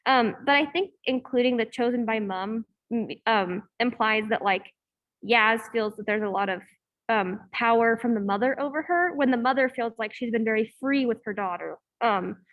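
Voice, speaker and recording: A woman's voice: fairly high pitch, moderate pace, muffled recording. A young woman student leading a class discussion over a video call, hesitant with many fillers, in an echoey room. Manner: hesitant, many ums and likes. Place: room in a campus hall, echoey.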